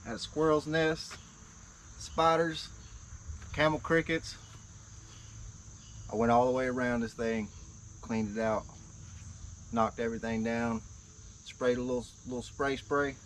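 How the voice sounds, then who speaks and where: A man's voice: medium pitch, fairly even intonation, measured pace, pauses often, slight background noise. A man hosting a casual outdoor cooking vlog at a woodland camp, talking to the camera in a laid-back, folksy way. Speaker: bushcraft channel host.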